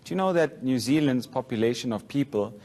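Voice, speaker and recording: A man's voice: mid-range voice, lively intonation, brisk, a little mellow. A young man, a comedian and doctor, joking as a guest in a television interview with playful, teasing asides. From South Africa. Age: young adult.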